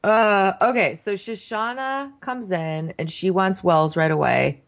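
A woman's voice: mid-range voice, measured pace. A woman co-hosting a casual recap chat, wry and blunt as she goes through her notes. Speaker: podcast co-host.

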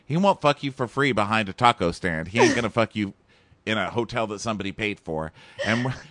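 A man's voice: lowish voice, expressive, a little fast, no echo. A man co-hosting a casual comedy chat, sarcastic and mocking. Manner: sarcastic, mocking, breaks into loud put-on voices. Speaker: podcast co-host.

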